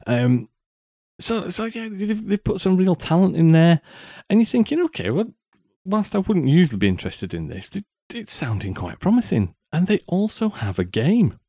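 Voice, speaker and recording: A man's voice: high-pitched, sing-song, moderate pace, warm tone, no echo. A man co-hosting a podcast, chatting casually with lots of ums and restarts. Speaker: podcast co-host. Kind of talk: casual chat.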